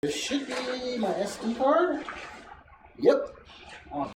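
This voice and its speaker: A man hosting a casual podcast chat, talking excitedly and swearing freely, often acting out what others said. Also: very high-pitched, slow. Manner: profane, excitable, quotes people in voices. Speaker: podcast host. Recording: echoey room, distant mic, noisy.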